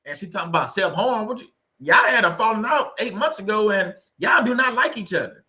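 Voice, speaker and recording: A man hosting a livestream, chatting casually and joking with his viewers, often laughing. His voice sits a little high and rings out bright and forceful. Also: lively intonation, fast talker. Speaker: livestream host on narcissistic abuse.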